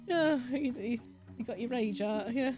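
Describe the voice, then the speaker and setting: A woman's voice: a little high, a little slow. A woman with a Yorkshire accent chatting casually on a game stream, swearing freely and laughing a lot. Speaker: streamer with a virtual avatar. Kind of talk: casual gaming stream chat.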